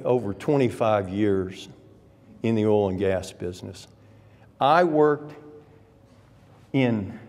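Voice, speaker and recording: A middle-aged Texan man preaches with slow, deliberate weight, his voice swooping high on the emphatic words and dropping low at the ends of lines. His voice rings through a church hall with a long, echoing tail. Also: darkish tone. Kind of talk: sermon. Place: church sanctuary.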